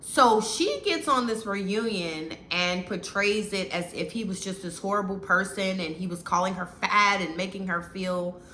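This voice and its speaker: A woman's voice: mid-range voice, measured pace, hardly any pauses, pushed and bright. A woman giving a casual, opinionated recap of a reality show, talking bluntly and with animation. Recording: echoey room with faint noise.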